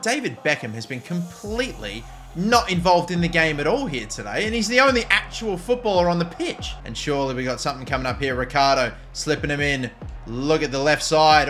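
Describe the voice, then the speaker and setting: A young man commentating his own football video game match, joking casually and bursting into shouts at goals. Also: fairly high pitch, fairly quick, slight background noise. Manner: excitable, jokey, jumps to shouts at goals. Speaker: gaming YouTuber.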